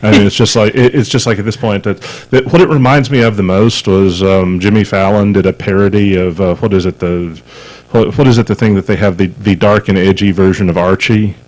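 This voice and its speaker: A man's voice: on the low side, fairly even intonation, a little fast, a little mellow, rough recording. A man co-hosting a casual podcast, rambling and hesitant, full of fillers and repeated words. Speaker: podcast co-host. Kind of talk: casual chat.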